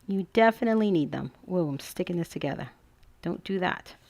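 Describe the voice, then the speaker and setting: A woman's voice: lowish voice, animated, a little fast, darkish tone, dry recording. Chatty, gushing woman teaching crafts. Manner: chatty and gushing, thinks aloud. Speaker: craft tutorial host. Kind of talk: casual crafting tutorial.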